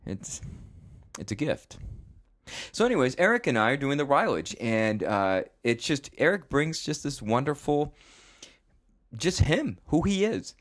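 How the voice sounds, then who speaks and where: A man hosts a podcast in a loose, chatty way, wandering off track and poking fun at himself as he goes. His voice sits at an ordinary, middle pitch. He often stops and restarts his sentences. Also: big pitch swings, unhurried. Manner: rambling, self-mocking, with restarts. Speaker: podcast host. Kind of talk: casual podcast chat.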